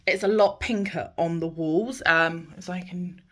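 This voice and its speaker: A woman's voice: lowish voice, steady tone, normal speed, a bit bright. A British woman talking casually in a home vlog, rambling with fillers as she shows her freshly painted room. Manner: chatty, rambling, with many fillers. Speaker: vlogger. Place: home being decorated.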